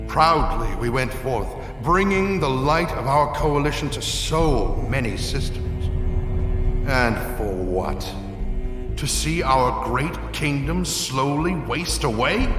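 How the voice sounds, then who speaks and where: A grave rebel lord in an echoey hall. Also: male voice, on the high side. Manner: grave, stirring speech. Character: aging rebel lord rallying his troops. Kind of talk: game cutscene voice acting.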